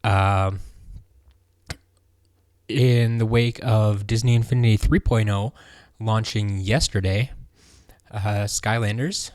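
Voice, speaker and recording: Low, mellow-voiced man hosting fan news. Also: takes it slowly, no room sound, studio quality. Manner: relaxed, rambling with many ums. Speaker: host of a fan news show. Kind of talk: casual news roundup.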